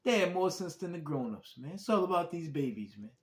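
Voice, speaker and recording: A man's voice: a little high, sing-song, a little fast. A man hosting a podcast, talking in a repetitive way and calling listeners "man" as he signs off. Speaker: podcast host. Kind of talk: emotional podcast sign-off. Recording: echoey room.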